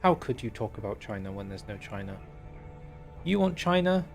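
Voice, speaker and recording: A man's voice: on the low side, very animated, moderate pace, creaky, faint music behind. Chatty young man streaming a game. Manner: chatty, wry, reads in-game text aloud. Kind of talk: game livestream commentary.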